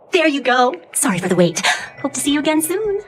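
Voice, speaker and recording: Brief: chirpy shop florist, high and very sing-song, game cutscene, faint noise. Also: female voice. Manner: bright, chirpy, customer-friendly. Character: cheerful young female flower seller.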